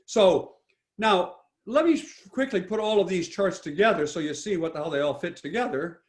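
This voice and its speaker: A man's voice: high-pitched, expressive, moderate pace. An older man giving a talk with slides, speaking emphatically with many restarts and self-corrections. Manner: rambling, frequent restarts, emphatic. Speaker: guest speaker.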